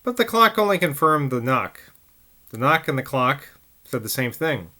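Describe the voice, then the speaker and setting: A man's voice: mid-range voice, very animated, moderate pace, bright, forceful tone. A man reading a novel aloud, carefully, with occasional slips and restarts. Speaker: audiobook reader.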